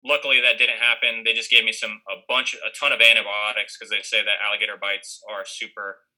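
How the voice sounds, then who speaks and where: Fairly low and flat, his delivery moves quickly with a sharp tone over poor-quality audio. The young man rambles casually through a story, stumbling over fillers and restarts while performing what others said.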